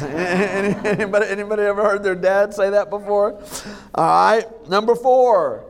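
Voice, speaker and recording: A man preaching a sermon as lead pastor, joking and laughing at his own jokes, halting with many fillers and restarts. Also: high voice.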